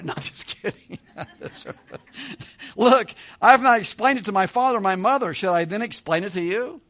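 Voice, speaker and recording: A man's voice: sits high, expressive, moderate pace, a bit bright. A man preaching verse by verse through a Bible passage, reading aloud and adding casual, joking asides. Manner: conversational, joking asides, chuckles often. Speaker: pastor.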